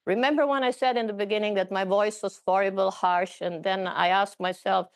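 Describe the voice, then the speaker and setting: A middle-aged woman telling her personal story in a conversational talk, often halting and repeating words. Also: mid-range voice, fairly even intonation.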